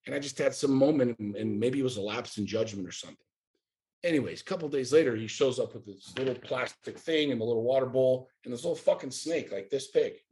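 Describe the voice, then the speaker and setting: A man's voice: medium pitch, fast talker, dark tone. Blunt, profane man in his forties. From United States. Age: 40s. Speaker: podcast guest. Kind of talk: casual chat.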